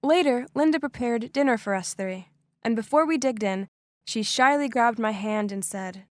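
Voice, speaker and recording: A young woman tells a first-person animated story, her voice sitting fairly high. She narrates with dramatic exclamations. The sound is dry and close, with no room around it. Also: normal speed, no echo.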